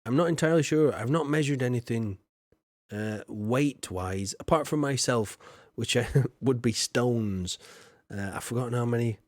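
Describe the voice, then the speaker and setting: A man's voice: medium pitch, a little mellow, no room sound. A man chatting casually while streaming a game, rambling and laughing often as he reads his chat.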